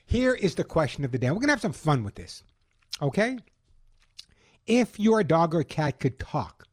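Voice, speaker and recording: Upbeat Long Island radio host man. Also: a little high. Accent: Long Island New York. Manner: upbeat, lively promotional delivery. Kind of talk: call-in radio chat.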